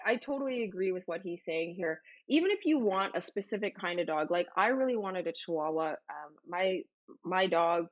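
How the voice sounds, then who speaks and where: A woman's voice: fairly low pitch, dull audio. A woman hosting a livestream, chatting casually and bubbly as she reads out viewer comments with lots of exclamations. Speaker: livestream host.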